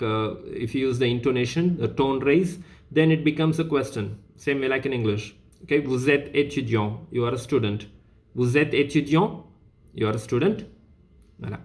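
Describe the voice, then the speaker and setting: A man teaching a French revision class, going through the exercises one by one. He repeats every sentence patiently and then translates it, in a voice of middling pitch. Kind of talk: revision lesson explaining exercises.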